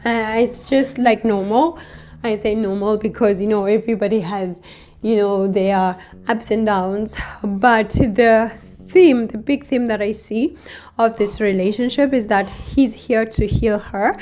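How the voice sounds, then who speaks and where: A woman hosting an astrology channel, explaining a couple's chart in an unhurried way, often adding "you know" and "right?" as she talks. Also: mid-range voice, fairly even intonation, darkish tone. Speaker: astrologer host. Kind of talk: explanatory astrology reading to camera.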